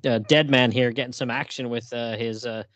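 A man's voice: mid-range voice, steady tone, brisk, a bit bright, dry recording. Dry close man reading comics aloud. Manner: reads comic dialogue aloud in voices, chuckling. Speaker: podcast co-host. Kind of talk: casual comic book review chat.

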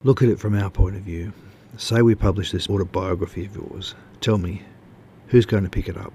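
A man's voice: low voice, fairly even intonation, fairly quick, warm tone, a little hiss or hum. A man voicing a smug male magazine editor who lectures a writer over the phone. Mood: smug lecturing.

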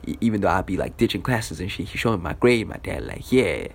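Young guy, casual profane storyteller, lots of "you know" and "like", swinging pitch. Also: animated, quick pace, gravelly, husky. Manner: loose, profane, filler-heavy.

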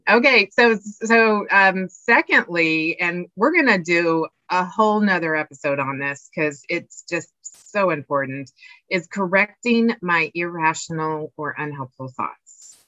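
Bright-toned woman chatting on a dry mic. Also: lowish voice, a little slow, no echo. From Oregon, US. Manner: animated, chatty, acts out inner voices. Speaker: podcast co-host, nonprofit executive director. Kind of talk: casual conversation. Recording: dull, lo-fi sound.

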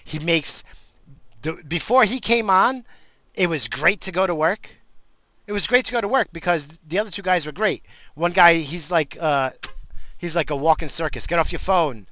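A man's voice: fairly high pitch, normal speed, sharp tone, no echo, rough recording. A man hosting a podcast, ranting in an angry, profane and exasperated way. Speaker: podcast host.

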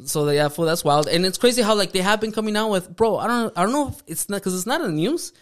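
A man's voice: sits high, animated, quick pace. A man co-hosting a casual chat, talking slangy and swearing a lot, dropping Spanish words. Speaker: podcast co-host.

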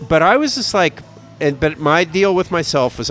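A man's voice: fairly high pitch, very animated, normal speed, a bit bright, faint music behind. Rambling, swearing Midwestern podcast man. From American Midwest. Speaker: podcast co-host. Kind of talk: casual chat.

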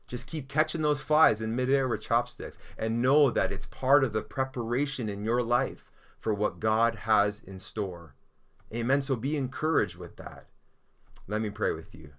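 A man's voice: mid-range voice, a bit bright. A man preaching a sermon as pastor, telling a story earnestly and encouragingly, then leading a prayer.

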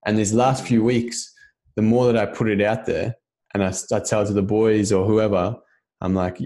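A man with a somewhat low voice talks earnestly in a relaxed podcast chat. His speech is loose and conversational, peppered with check-ins to the other person. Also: normal speed. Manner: earnest, loose, keeps asking "you know what I mean".

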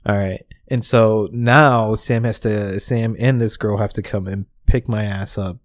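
A man's voice: lowish voice, steady tone, measured pace, no echo, clean studio sound. A young man sheepishly recounting his own drunken mishap on a podcast, laughing at himself. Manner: sheepish, self-mocking, laughing. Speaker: podcast co-host. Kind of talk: casual storytelling chat.

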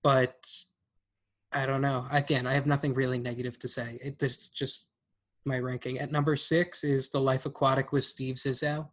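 A man's voice: medium pitch, flat delivery, moderate pace, fairly bright tone. A man co-hosting a podcast, casually ranking films and hedging his opinions with lots of fillers and restarts. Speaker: podcast co-host. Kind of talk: casual film-ranking chat.

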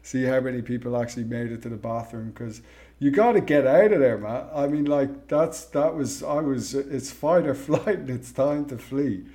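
A man's voice: medium pitch, normal speed, dark tone. A man hosting a podcast, talking in a frank, casual way with plenty of swearing. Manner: frank and profane. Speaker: podcast host. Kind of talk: casual conversation.

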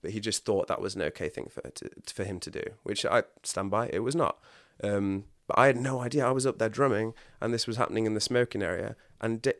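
A man's voice: lowish voice, fast, creaky, few pauses, fairly bright tone, no echo, studio quality. A man, telling his personal story in a candid, confessional way on a podcast, often restarting his sentences. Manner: earnest, confessional, frequent restarts. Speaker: podcast guest.

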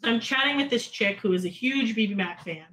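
Speaking a little fast with lively intonation and a fairly bright tone, a Canadian podcast co-host chats casually through a story. She uses lots of fillers and acts out others' lines in higher voices, and the recording is rough.

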